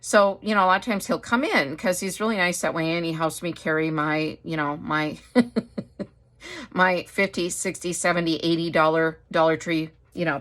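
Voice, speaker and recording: A woman's voice: fairly low pitch, fairly bright tone. A middle-aged woman from Wisconsin chatting casually as a craft vlogger, rambling and laughing often. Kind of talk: casual chat.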